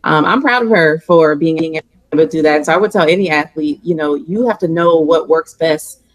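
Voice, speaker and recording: A woman with a New Orleans Southern accent, answering interview questions as a guest psychologist in an articulate, measured way. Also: low-pitched, no room sound, low-quality recording.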